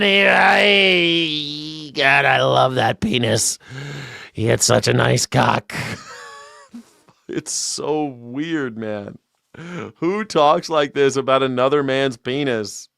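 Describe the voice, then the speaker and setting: A man's voice: on the high side, a bit bright, smooth, no echo, clean studio sound. A man hosting a live news reaction show, sarcastic and profane, mocking what he plays. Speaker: host.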